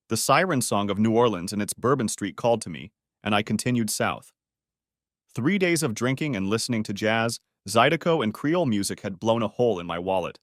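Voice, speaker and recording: A man narrating a first-person story in a steady, even reading. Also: lowish voice, no room sound, studio quality.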